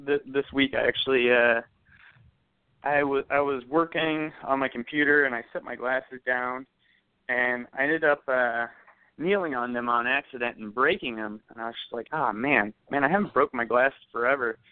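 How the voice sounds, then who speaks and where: A man's voice: medium pitch, moderate pace, clear, resonant tone, no echo. A young man co-hosting a podcast, casually telling stories about an ex with frequent laughs and profanity. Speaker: podcast co-host. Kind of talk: casual storytelling chat. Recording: tinny phone-like sound.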